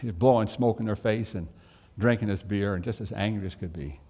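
A man's voice: fairly low pitch, fairly quick, dark tone, long reverb tail, a little hiss or hum. A man preaching a sermon as pastor, telling a folksy story and asking the congregation direct questions.

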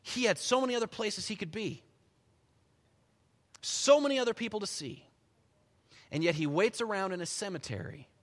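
A high, bright male preacher whose pitch leaps around as he tells his story. His animated delivery sinks now and then into soft, quiet stretches. The sound carries a long reverb, as if from a large hall. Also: normal speed, long pauses. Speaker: pastor. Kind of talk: sermon.

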